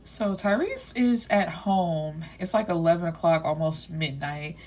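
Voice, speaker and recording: A woman with a slightly low voice recaps a novel's plot like she's spilling gossip to a friend. She talks casually and leans on "you know" and "like." She drops blunt, salty asides along the way. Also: lively intonation, unhurried, a little mellow. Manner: chatty, leaning on "you know" and "like". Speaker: book reviewer.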